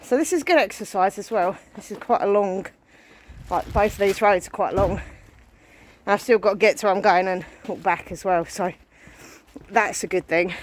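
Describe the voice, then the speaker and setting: A woman in her thirties walks along a street and talks into her phone, out of breath and anxious. Her pitch sits in a middle range, and she keeps up a chatty, self-deprecating ramble broken by sighs. Faint traffic hums behind her. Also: moderate pace. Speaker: vlogger. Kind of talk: casual walking vlog. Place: outdoors on a residential street, walking.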